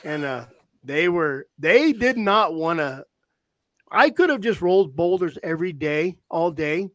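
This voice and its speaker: Guy telling long rambling hunting stories, a bit high-pitched, super dry mic. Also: unhurried, dry recording. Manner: rambling, animated storyteller with frequent restarts. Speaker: podcast host, hound hunter. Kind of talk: casual storytelling chat. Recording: dry close-mic sound.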